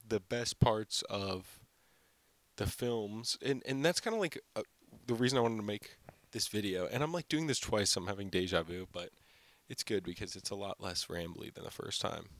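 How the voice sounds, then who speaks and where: A man's voice: on the low side, normal speed, fairly bright tone, no room sound. A young man hosting his own film channel, giving an unscripted, rambling review full of "like" and fillers. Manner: rambling, heavy use of "like" and fillers.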